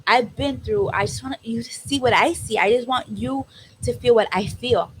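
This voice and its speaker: Fields: Sex: woman. Role: podcast co-host. Style: emotional casual chat. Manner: animated, acts out quoted dialogue. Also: on the high side, moderate pace, slight background noise, rough recording.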